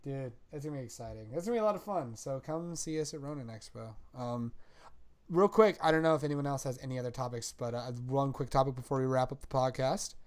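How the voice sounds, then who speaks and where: A man's voice: medium pitch, fast, darkish tone. A young man hosting a podcast in casual chat, enthusiastic and full of slang. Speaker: podcast host.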